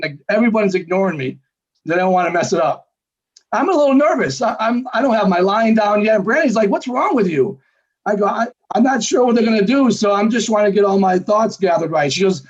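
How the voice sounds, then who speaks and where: A man with a high-pitched voice tells a personal story in casual conversation. He talks in an animated way and acts out the lines of the people in it. The sound is a little dull and lo-fi. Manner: animated, quick storytelling with quoted dialogue. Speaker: guest storyteller. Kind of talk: casual anecdote.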